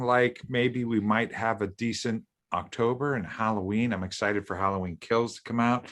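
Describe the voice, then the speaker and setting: A man co-hosting a podcast, talking casually and excitably, repeating himself and joking around. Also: on the low side, moderate pace, few pauses. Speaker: podcast co-host.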